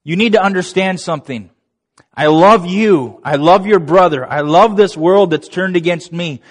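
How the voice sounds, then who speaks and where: A preacher speaking as God addressing Cain during a sermon, earnest and firm. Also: male voice, sits high, normal speed. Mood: solemn. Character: stern loving male God addressing Cain. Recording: long reverb of a large hall.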